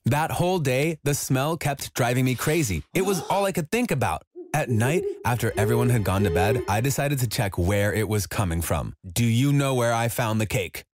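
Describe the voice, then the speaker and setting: A man telling a scripted first-person story in an even, measured way. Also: mid-range voice. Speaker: narrator.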